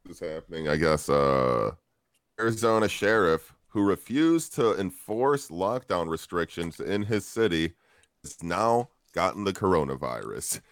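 Deep-voiced dude chatting on a podcast, kinda rambly, reading out news bits. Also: male voice, very animated, unhurried, no echo, studio quality. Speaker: podcast co-host. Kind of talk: casual chat, reading news items.

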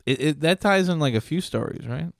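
A man's voice: on the high side, lively intonation, brisk, gravelly, no echo, clean studio sound. A man rambling, swearing podcast co-host. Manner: loose, profane, trails off mid-sentence. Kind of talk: casual chat.

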